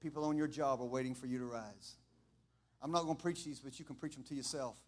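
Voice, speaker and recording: A middle-aged man preaching an impassioned sermon, building from quiet talk to fervent shouting and repeating his lines. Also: medium pitch, fast talker. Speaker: pastor.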